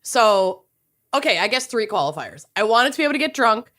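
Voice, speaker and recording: Woman co-host, bright and lively, self-mocking chat. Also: fairly high pitch, fairly quick. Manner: animated, self-mocking banter. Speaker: podcast co-host. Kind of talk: casual chat.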